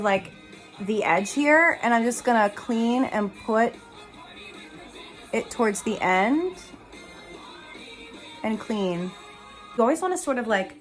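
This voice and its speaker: A young woman chats her way through a makeup routine in a slightly high voice, giggly and quick to poke fun at herself. Faint music plays softly behind her. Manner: chatty, giggly and self-deprecating. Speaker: Broadway actress doing a makeup tutorial. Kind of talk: casual makeup tutorial talk.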